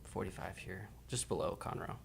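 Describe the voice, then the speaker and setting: A young man from Texas, guest on a radio show, answering questions in a relaxed, halting way. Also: sits low, vocal fry, husky. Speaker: radio guest, city hall staffer. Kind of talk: casual interview answers.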